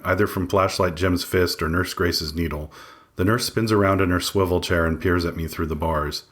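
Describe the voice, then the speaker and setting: Male memoir narrator, very low voice, measured, wry, first-person audiobook. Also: fairly bright tone. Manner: measured, matter-of-fact, wry. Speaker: author reading his memoir.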